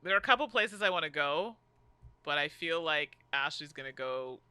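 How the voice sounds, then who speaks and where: A woman co-hosts a relaxed board game playthrough, talking through each move. Her voice swoops lively up and down, and her tone is very bright and sharp. She groans and jokes at herself when a move goes wrong. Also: low-pitched, moderate pace, smooth, no room sound. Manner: animated, groaning and self-deprecating. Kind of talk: casual game playthrough chat.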